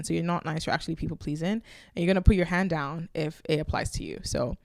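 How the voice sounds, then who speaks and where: A woman with a fairly low voice hosts her own podcast and talks frankly to the listener. She tells personal stories in a relaxed, lively way, and the sound is dry and close, with no room echo. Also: vocal fry. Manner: candid, conversational, animated storytelling. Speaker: podcast host. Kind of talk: casual solo podcast talk.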